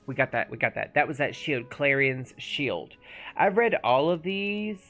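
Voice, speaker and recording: A gaming streamer chatters casually through a play session, thinking out loud and sometimes mumbling. The pitch moves around a lot, bouncing up and down. Faint game music plays underneath. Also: sing-song, measured pace. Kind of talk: casual live-stream commentary.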